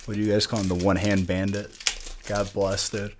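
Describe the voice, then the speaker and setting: A man opens card packs on a live stream, joking casually with his audience and calling chat members by name in a laid-back way. He speaks briskly in a flat, lowish voice, with background noise present.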